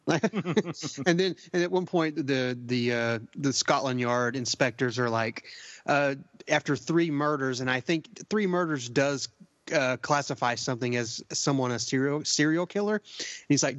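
A man's voice: medium pitch, unhurried, fairly bright tone, no echo. Jokey male co-host, dull recording. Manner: laughing, jokey. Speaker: podcast co-host, quizmaster. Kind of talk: casual chat. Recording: dull lo-fi dry podcast audio.

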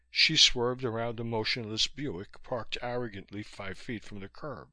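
A man narrating a novel in steady, scripted storytelling. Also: medium pitch, normal speed, hardly any pauses, no room sound. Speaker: audiobook narrator.

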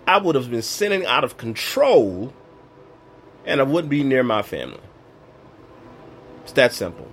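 Man, emotional faith testimony, high lively voice, slightly strained. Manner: animated, questioning, acts out dialogue in voices. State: voice strained, recently lost.

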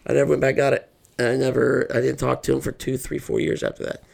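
A man's voice: medium pitch, little pitch movement, fast, a little mellow. A middle-aged man, a podcast guest, telling an earnest personal story and acting out what people said. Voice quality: gravelly.

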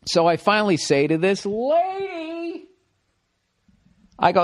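A middle-aged man with a Boston accent, hosting a podcast with a profane, animated comedic ramble. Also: high-pitched, slow. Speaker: podcast host.

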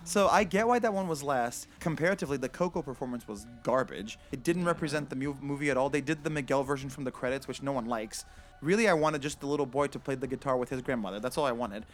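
A man who sings for a living, giving opinionated commentary in casual chat. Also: mid-range voice. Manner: animated, opinionated, fast-talking. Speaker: professional singer.

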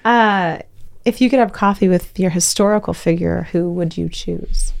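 A woman co-hosting a podcast, asking questions in a relaxed chat and laughing easily. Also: on the low side, moderate pace, creaky. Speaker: podcast co-host. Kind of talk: casual chat.

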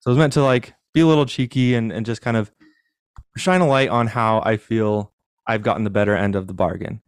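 A man's voice: on the low side, brisk, clean tone, dry recording, studio quality. A young man as an interview guest, telling his own story in a candid, self-deprecating, reflective way. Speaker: podcast guest.

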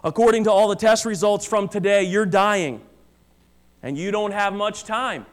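A grave doctor breaks bad news to his patient, as a preacher plays him, plain and matter-of-fact. The voice sits fairly high but stays steady. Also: normal speed, close to an everyday voice.

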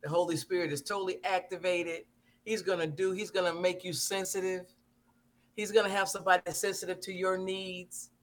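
A man's voice: sits high, level tone, a little fast, a bit bright. A man hosting a talk show who talks fervently about faith and repeats phrases for emphasis. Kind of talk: preachy talk show chat.

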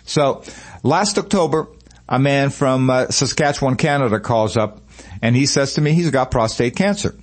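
A man's voice: mid-range voice, normal speed. A man hosting a promotional radio talk show, telling customer stories conversationally with frequent fillers. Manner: conversational storytelling with many fillers.

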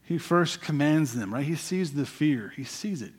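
Preacher, male, higher-than-average voice, conversational sermon, rhetorical questions, drops quiet for emphasis. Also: expressive, normal speed, breathy edge. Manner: asks the congregation questions, frequent "right?" and repeated words.

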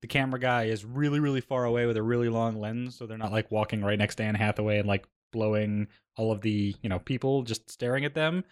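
A man co-hosting a casual movie-review chat, talking fast and acting out scenes in quoted voices. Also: on the low side, fairly even intonation. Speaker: podcast co-host.

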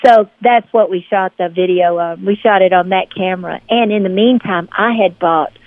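A woman recalls her career in a relaxed interview. She tells her stories with energy and acts out the voices of the people in them. The audio is dry and thin, like a phone line. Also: mid-range voice, moderate pace, no echo. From Memphis, Tennessee. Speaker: interview guest, singer-songwriter. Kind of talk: casual storytelling interview.

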